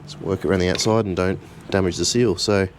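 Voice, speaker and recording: A man, casually walking through a car repair in his garage, relaxed and chatty with a self-deprecating streak. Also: sits low, fast, a little hiss or hum. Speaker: home mechanic host. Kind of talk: casual how-to narration.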